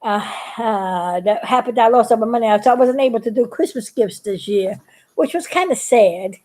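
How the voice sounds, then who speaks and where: A woman's voice: a little high, normal speed, a little mellow. A woman chatting casually to her viewers, telling a story and laughing often. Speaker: YouTube cartoon maker.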